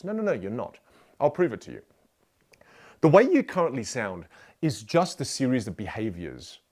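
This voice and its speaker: Animated male communication coach. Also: medium pitch. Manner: animated, playful, direct address to the listener. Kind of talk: motivational lesson.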